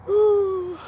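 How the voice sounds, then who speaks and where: Woman streamer reading chat, cracking up nonstop, slow drawl, faint hiss behind her. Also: very high voice, dark tone, poor audio. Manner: laughs constantly while reading chat. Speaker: live streamer.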